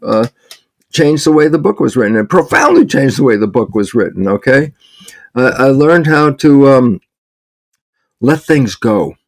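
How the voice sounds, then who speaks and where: Gravelly man, dry close sound. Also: medium pitch, no echo. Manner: acts out quoted exchanges, chuckles often. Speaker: interview guest, author. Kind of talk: conversational interview answer.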